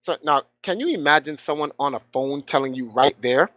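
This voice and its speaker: A man's voice: a little high, fast, no echo. A man with a somewhat raised voice tells a heated story with passion. He slips into the voices of the people he quotes. He comes through a thin, tinny phone line with no room sound around him. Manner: passionate, acts out quoted dialogue. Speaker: guest gamer.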